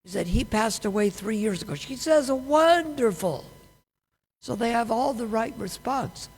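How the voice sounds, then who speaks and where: Gravelly high-voiced man teaching in a hall. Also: moderate pace. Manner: questioning, conversational teaching with rhetorical questions. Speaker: class speaker. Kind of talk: scripture class talk. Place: temple hall. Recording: long hall reverb.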